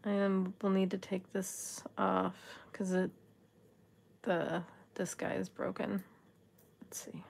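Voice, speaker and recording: A woman's voice: medium pitch, little pitch movement, takes it slowly, creaky, pauses often, darkish tone. A woman vlogger casually chatting through a jewelry haul, musing aloud and talking to the items. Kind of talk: casual unboxing chat.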